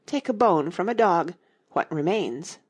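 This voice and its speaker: A woman's voice: lowish voice, animated, measured pace, slightly rough. A woman voicing a domineering queen who lectures and quizzes, speaking emphatically. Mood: bossy. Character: bossy domineering storybook queen, loud and stern.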